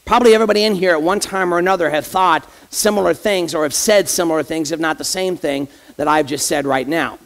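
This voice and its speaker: Male pastor, sermon, gravelly, fairly high voice, talks straight to the congregation, rhetorical questions. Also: fast talker, few pauses. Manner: conversational, addresses the congregation directly with rhetorical questions. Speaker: associate pastor.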